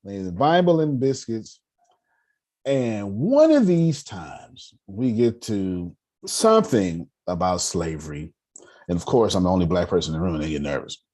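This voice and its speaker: Male finance teacher in his thirties, low husky voice, emphatic storyteller who repeats lines to drive them home. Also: very animated, moderate pace, a little mellow. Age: 30s. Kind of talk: lively motivational lecture to a live audience.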